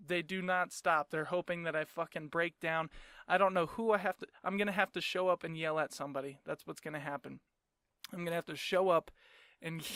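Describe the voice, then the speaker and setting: A man's voice: a little high, bright, forceful tone, smooth, dry recording, studio quality. A young man hosting his own podcast, ranting in a sarcastic, profane way and laughing often. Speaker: podcast host. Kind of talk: casual solo rant.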